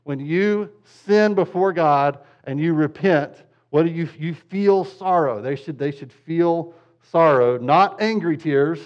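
A man with a fairly high voice gives a relaxed church talk to parents. He slips in jokes and keeps checking in with his listeners. The recording sounds dull and lo-fi. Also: takes it slowly. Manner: conversational, keeps checking in with "okay?" and "right?"; joking asides. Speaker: pastor teaching parents. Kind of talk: casual church teaching on parenting.

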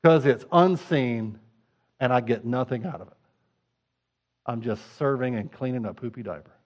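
A middle-aged pastor of medium pitch and normal speed gives a conversational sermon, dropping into hushed asides and rising into fervent appeals. The recording is lo-fi.

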